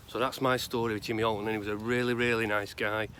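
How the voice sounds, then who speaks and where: A man's voice: lowish voice, little pitch movement, a bit bright. Man rambling outdoors. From Salford, England. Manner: rambling and conversational, with many pauses. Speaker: grave-visiting vlogger. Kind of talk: casual spoken tribute and storytelling. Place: outdoors in a cemetery. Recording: outdoor noise behind the voice.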